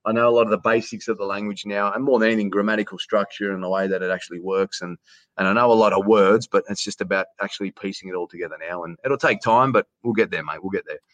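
A man's voice: on the low side, steady tone, fast, fairly bright tone, no room sound. A man with an Australian accent, a stadium announcer chatting as a guest on a podcast, rambling and repeating words, calling the host mate. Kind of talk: casual podcast conversation. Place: hotel quarantine room.

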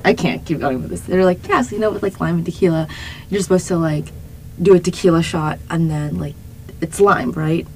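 A woman's voice: lowish voice, brisk, a little hiss or hum, poor audio. Chatty young woman telling a story. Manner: animated, laughing, many fillers. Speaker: podcast co-host. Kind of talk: casual storytelling chat.

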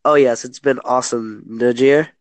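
Casually rambling and often restarting what he's saying, a man from Kentucky with an American accent talks at normal speed. His voice is medium-pitched and steady, and the recording is dry.

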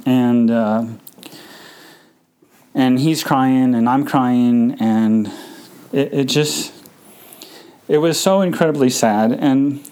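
A man hosting a podcast, telling a personal story in a halting, emotional way, full of fillers and restarts. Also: mid-range voice, dark tone, clean tone, low-quality recording. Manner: emotional, subdued. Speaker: podcast host.

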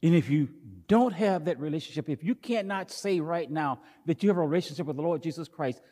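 High-voiced man preaching in a reverberant hall. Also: fairly quick. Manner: emphatic preaching, repeats phrases, rises to near shouting. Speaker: pastor. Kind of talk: sermon.

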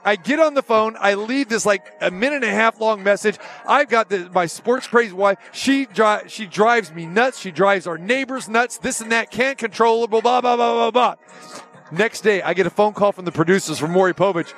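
A middle-aged man hosting a sports talk show, telling a rambling, animated story in casual chat. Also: sits high, moderate pace. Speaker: host.

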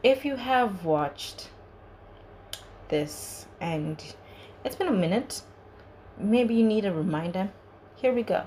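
A woman's voice: medium pitch, lively intonation, takes it slowly, long pauses, warm tone, a little hiss or hum, low-quality recording. A young woman hosting a podcast, giving an earnest, chatty solo review full of "like" and "you know". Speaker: podcast host.

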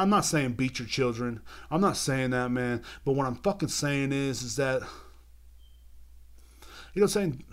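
A young man hosting a podcast, ranting heatedly and repeating himself with constant swearing. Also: mid-range voice. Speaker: podcast host. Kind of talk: profane rant. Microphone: video podcast mic.

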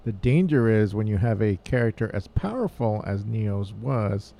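Gravelly man in casual podcast chat. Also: lowish voice, animated, normal speed, dark tone. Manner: joking, playful asides. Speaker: podcast co-host.

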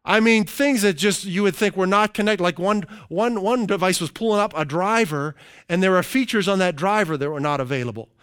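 A middle-aged man preaching a sermon as pastor, slowing down to stress key phrases and dropping into conversational asides. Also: high-pitched, fairly bright tone, smooth, dry recording, clean studio sound. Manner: slows down for emphasis, conversational asides.

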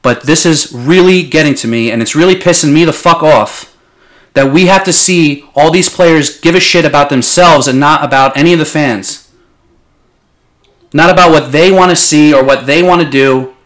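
A man's voice: on the high side, normal speed, a bit bright. A young man in casual sports talk as a podcast co-host, passionate and blunt, swearing freely.

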